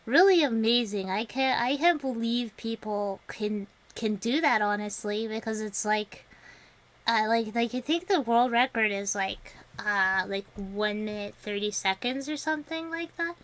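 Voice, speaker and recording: A woman's voice: fairly high pitch, measured pace. A young woman streaming to viewers and chatting casually, laughing often and rambling with many restarts. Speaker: vtuber streamer.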